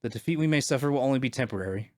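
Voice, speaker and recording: A man playing a composed rebel leader in a tabletop game's vision scene, calm and steady, never rattled. The sound is dry and close. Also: medium pitch, rapid-fire, no room sound, lightly acted. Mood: assured.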